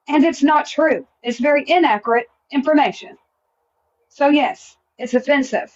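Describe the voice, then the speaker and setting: A woman's voice: sits high, moderate pace, highs cut off. A woman, a mother, speaking bluntly and insistently in an online debate. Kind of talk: live social media debate.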